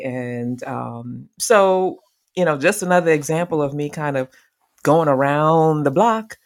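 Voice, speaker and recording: A woman's voice: low-pitched, unhurried. A woman co-hosting a casual chat show with her sister, telling stories with frequent laughter. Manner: laughs often, animated storytelling. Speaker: podcast co-host.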